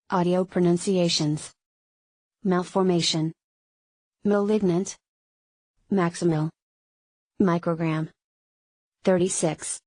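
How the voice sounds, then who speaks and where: Woman, textbook reading, flat word-by-word delivery, slow, dry close sound. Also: lowish voice, no echo, poor audio. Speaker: narrator of a medical terminology lesson. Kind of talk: reading textbook pages aloud.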